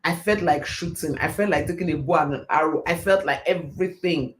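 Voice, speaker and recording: A middle-aged man hosting a live stream and giving a motivational faith talk, telling stories in a fast, animated way. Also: fairly high pitch, a little hiss or hum. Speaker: host.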